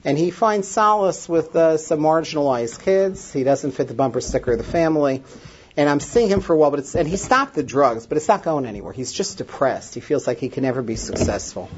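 A therapist recounts a story to a gathered audience, their speech full of halting fillers and restarts as the feeling rises. The recording sounds dull and muffled, with a faint hiss underneath. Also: mid-range voice, lively intonation, darkish tone. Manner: emotional, with many fillers and restarts.

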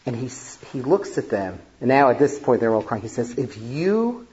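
A man's voice: medium pitch, brisk, a little mellow, muffled recording. Man telling a story in a talk. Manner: conversational, many fillers. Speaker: family therapist.

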